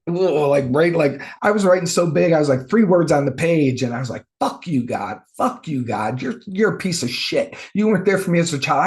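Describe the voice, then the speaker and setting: A man sharing a personal spiritual testimony as a spiritual teacher, emotional and swinging between loud bursts and hushed lows.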